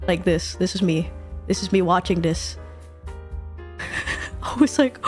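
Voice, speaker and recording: A young woman streaming casually while drawing, excitable and quick to laugh, swearing often. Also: mid-range voice, faint music behind.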